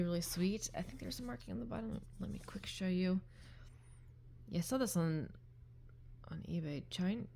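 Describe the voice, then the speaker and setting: A woman with a slightly low voice chats at home, close to her phone's mic, in an unscripted show-and-tell vlog. She rambles, corrects herself, and often drifts into soft half-whispers. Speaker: vintage-haul vlogger. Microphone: phone held close.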